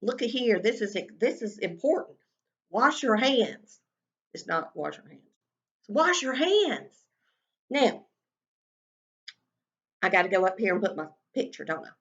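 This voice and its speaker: Woman, kindergarten teacher, sing-song, sounds words out slowly, mid pitch, slightly muffled lo-fi recording. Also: lively intonation, vocal fry. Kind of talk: recorded writing lesson for young children.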